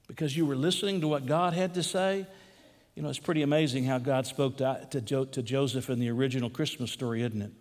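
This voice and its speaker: Preaching pastor in a reverberant hall. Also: male voice, mid-range voice. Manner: emphatic preaching, slowing down on key phrases. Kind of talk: sermon.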